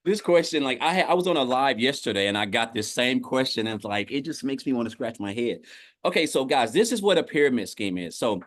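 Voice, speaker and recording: Animated and a little fast, this medium-pitched Tennessee man is a guest on an online business livestream. He delivers a casual, upbeat testimonial, saying "guys" over and over and frequently starting phrases again. Clean studio sound, dry recording.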